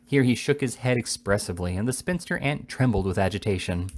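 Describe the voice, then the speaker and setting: A man reading a classic novel aloud in steady narration. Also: lowish voice, a little fast. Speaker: reader.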